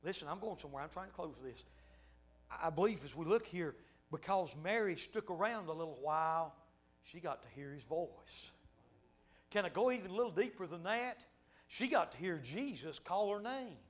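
A preacher with a high, bright voice delivers his sermon. He drops to hushed, almost whispered asides, then climbs into loud, shouted exclamations with bursts of laughter. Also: expressive, normal speed.

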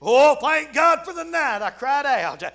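A man preaching a fervent revival sermon, dropping frequent amens and breaking into shouts. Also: very high voice, big pitch swings, measured pace, vocal fry.

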